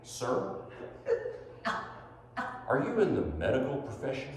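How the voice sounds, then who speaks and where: A man voicing a genial boss who talks in a slow, folksy, commanding drawl, heard in an echoey hall. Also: medium pitch, sing-song. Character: genial Texan male boss in a cowboy hat. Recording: echoey hall, long reverb, faint noise.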